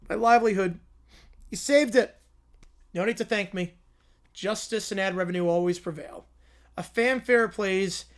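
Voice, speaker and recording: A young man hosting a casual livestream, reading stories and tossing out sarcastic remarks. His delivery is quick and wry, flipping easily between deadpan asides and playful mockery. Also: high voice. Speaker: livestream host.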